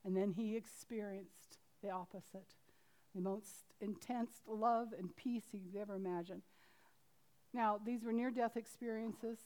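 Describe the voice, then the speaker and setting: Woman, preacher, sermon, reading aloud, earnest, halting, loud then hushed, mid-pitched. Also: fairly even intonation. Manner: earnest, swings between loud emphasis and hushed quiet; halting, with restarts and fillers.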